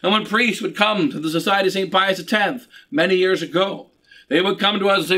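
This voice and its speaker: Bright high-pitched preaching man. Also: brisk. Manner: earnest, repetitive, stumbling restarts. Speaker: bishop preaching. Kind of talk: sermon.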